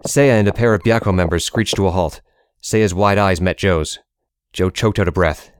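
A man narrating an audiobook in a steady, measured reading. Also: sits low, clear, resonant tone, dry recording, studio quality.

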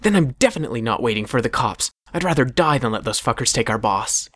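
A man voicing a brash, reckless young male gang member who shouts and refuses to back down. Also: medium pitch, lively intonation, quick pace, dry recording, voice pushed up. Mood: defiant. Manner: hot-headed, shouting.

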